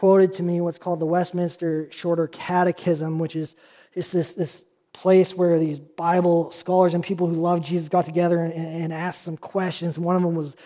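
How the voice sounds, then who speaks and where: A pastor in his thirties gives a sermon in a high, light voice. He preaches like he is chatting with the room, mixing asides with rhetorical questions. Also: level tone, moderate pace, mellow.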